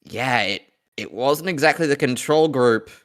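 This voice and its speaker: A man's voice: medium pitch, expressive, a little slow, a bit bright. A man hosting a casual livestream chat, teasing his guest. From New Zealand. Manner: teasing, sardonic. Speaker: show host.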